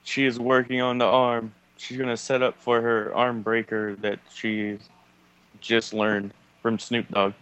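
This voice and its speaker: A man's voice: mid-range voice, flat delivery, measured pace, a bit bright, clean tone, rough recording. A man commenting on a wrestling match with friends, explaining the story of the bout and throwing in dry, matter-of-fact jokes. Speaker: co-host watching a wrestling match. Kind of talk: casual live watch-along commentary.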